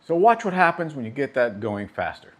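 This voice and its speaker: A man's voice: medium pitch, sing-song, brisk, noisy background. A man teaching drum technique, explaining patiently and checking in with his students. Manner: patient, explanatory, frequent "okay?" check-ins. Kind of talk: instructional demonstration.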